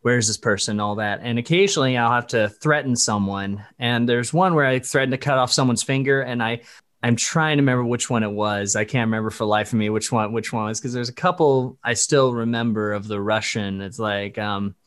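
A man with a clear, resonant, fairly bright mid-range voice talks a little fast with fairly even intonation. He's a voice actor from Dallas-Fort Worth, USA, guesting on a casual podcast interview, where he rambles, stops and starts, self-corrects, and laughs often.

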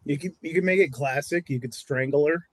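A man's voice: a little high, a little fast, no room sound. A man in a casual podcast chat, joking darkly in a laughing tone.

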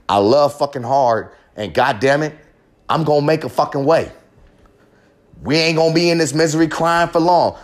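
A young man pours out a raw confessional monologue on his own podcast. His voice sits a little high, and he swears constantly. He rambles and repeats himself as his passion builds. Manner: profane, impassioned, rambling. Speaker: podcast host.

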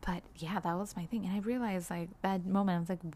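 A young woman talking candidly in a personal vlog, rambling a little, with frequent "like"s and soft laughs. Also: fairly low pitch, steady tone, fairly quick. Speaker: vlogger.

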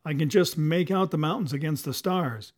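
A man's voice: a little high, moderate pace, voice pushed up, lightly acted. A man playing a skilled, confident sailor captaining a yacht, speaking in a raised, commanding voice. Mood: proud.

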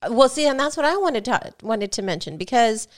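A woman's voice: on the high side, animated, a little fast. A woman co-hosting a casual gaming podcast, her voice worn from just waking up, chatting through news items. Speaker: podcast co-host.

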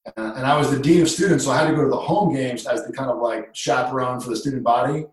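Male storyteller, former school dean, lively and dramatic, heard in a roomy space from a distant mic. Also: mid-range voice, fast talker. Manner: animated storyteller, swings from hushed to shouting. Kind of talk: casual storytelling in conversation. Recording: echoey room, distant mic.

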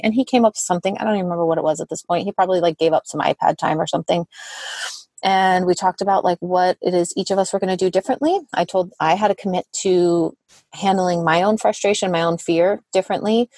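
A woman in her thirties tells a long personal story in a relaxed interview, dropping "like" often and acting out what people said. Her voice sits fairly low, and the sound is dry and close. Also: quick pace, no room sound. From Southern California. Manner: chatty, many "like" fillers, acts out quotes. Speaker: guest therapist and parent. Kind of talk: casual podcast interview storytelling.

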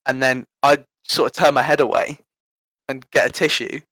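Eighteen-year-old English lad telling a story. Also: male voice, medium pitch, fairly even intonation, normal speed, fairly bright tone, dry recording, poor audio. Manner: rambling, self-deprecating anecdotes, laughs often. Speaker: guest storyteller. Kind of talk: casual podcast chat.

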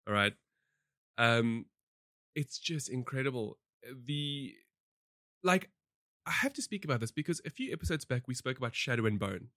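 A talkative man co-hosting a podcast, giving his take on films and shows in loose, animated chat. His pitch sits mid-range for a man, and the recording is close and dry with no room sound around him. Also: moderate pace, pauses often, no echo. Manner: animated and talkative, with many fillers and restarts. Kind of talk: casual review chat.

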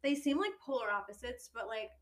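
A woman's voice: fairly high pitch, lively intonation, fairly quick. A young woman co-hosting a podcast in casual chat, giggly and hedging with fillers. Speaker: podcast co-host.

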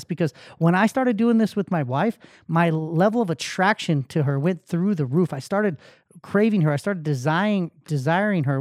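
A middle-aged man hosting a podcast, giving a motivational talk that swings from hyped shouts to quiet, emotional tones. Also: high voice, no echo, studio quality. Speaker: podcast host.

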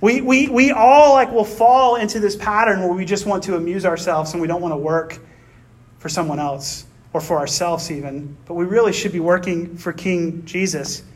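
High-voiced man preaching a casual sermon. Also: fairly even intonation, moderate pace. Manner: chatty, tag questions and personal anecdotes. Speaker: pastor. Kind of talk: conversational sermon.

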